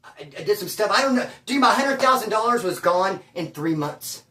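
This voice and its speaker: A man's voice: high-pitched, expressive, normal speed, pushed and bright, a little hiss or hum. A man who was in prison telling casual, profane stories full of slang, from California. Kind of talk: casual storytelling. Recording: echoey room, voice from far off.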